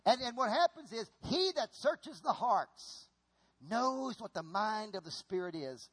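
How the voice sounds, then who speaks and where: High-voiced animated male preacher. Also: measured pace, slightly rough. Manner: animated, repetitive, folksy. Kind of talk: sermon with stage demonstration.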